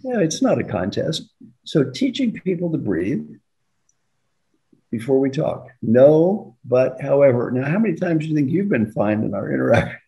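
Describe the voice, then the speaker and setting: Older man, lively storytelling coach. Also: medium pitch, moderate pace, vocal fry, highs cut off. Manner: animated, acts out dialogue with laughs. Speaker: executive coach. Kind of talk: storytelling leadership talk.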